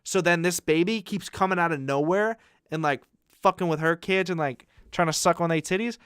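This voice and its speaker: A man's voice: a little high, fairly quick, fairly bright tone, smooth, no echo, clean studio sound. Young man rambling crude podcast stories. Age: young adult. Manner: crude, rambling storytelling full of fillers. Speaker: podcast co-host. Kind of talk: casual podcast storytelling.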